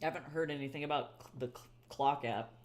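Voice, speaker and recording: A young man with a fairly high voice talks fast and casually to viewers during a live art stream, reading their chat as he goes. He's loose and self-deprecating, swears freely, and laughs easily.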